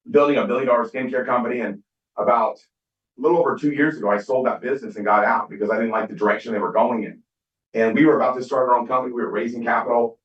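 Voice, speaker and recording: Fast-talking man in an echoey hall. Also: medium pitch. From Southern California. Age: middle-aged. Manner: storytelling, acts out quoted dialogue. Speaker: skincare business speaker. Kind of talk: motivational stage talk. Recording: distant, echoey, dull hall recording.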